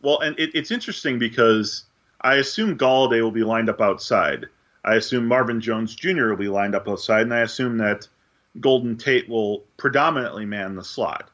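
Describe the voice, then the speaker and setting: Man, podcast co-host, measured and analytical, dull lo-fi sound. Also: medium pitch, a bit bright. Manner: analytical, measured, with frequent fillers. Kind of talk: casual sports podcast chat.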